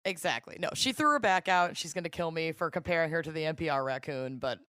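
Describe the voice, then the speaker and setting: A woman's voice: deep voice, quick pace, a bit bright, no echo, studio quality. A woman with a Minnesotan accent, a podcast guest chatting in a wry, blunt, playful way. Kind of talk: casual chat.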